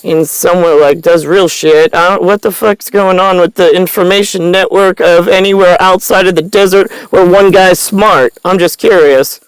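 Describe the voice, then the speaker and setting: A woman's voice: lowish voice, fairly even intonation, moderate pace, hardly any pauses, clean tone, no room sound, rough recording. A woman vlogging straight to camera in a meandering, profane, stream-of-consciousness monologue. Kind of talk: rambling direct-to-camera monologue.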